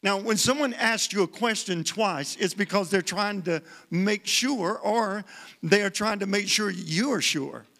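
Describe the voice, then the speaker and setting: A man's voice: sits high, measured pace, bright, forceful tone. A man preaching a sermon as a guest speaker in a church, repeating himself for emphasis and calling out to the congregation for responses. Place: church sanctuary.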